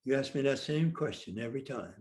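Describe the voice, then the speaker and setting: Speaking at a medium pitch and a brisk pace, an older man shares a comic anecdote as a guest in an interview, with reverberation around his voice. He performs the dialogue of each character in a lively, animated way.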